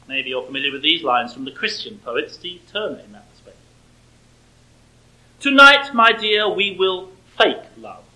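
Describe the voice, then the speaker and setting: Male speaker, bright forceful tone, prepared sermon delivery with dry sarcastic edge. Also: fairly high pitch, poor audio. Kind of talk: prepared sermon-style lecture.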